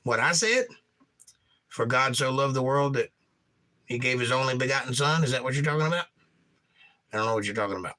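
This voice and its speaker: Hoarse man chatting on a livestream. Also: medium pitch, brisk, long pauses, sharp tone, poor audio. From Georgia, USA. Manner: folksy, rambling, reads comments aloud. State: hoarse, damaged upper voice. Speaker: livestream host and pastor. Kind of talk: casual livestream chat reading viewer comments.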